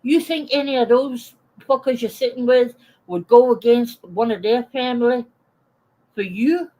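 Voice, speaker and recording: A woman's voice: fairly high pitch, unhurried, warm tone, rough recording. Woman in her forties, live-stream rant, blunt, swears a lot, greets chat viewers as she goes. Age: 40s.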